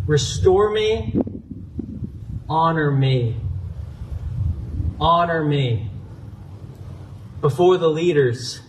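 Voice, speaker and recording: A man's voice: on the high side, slight background noise, poor audio. A man voicing a remorseful, pleading ancient king in a raised voice while preaching.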